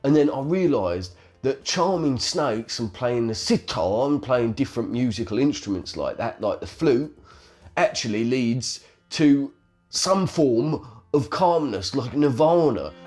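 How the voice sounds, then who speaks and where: Man as a cockney snake-charmer, crude, boastful, swinging pitch. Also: animated, measured pace, a little mellow, faint music behind, natural voice. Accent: South London. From London, England. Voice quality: crude, laddish, swears constantly. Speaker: guest. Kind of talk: improvised comedy sketch.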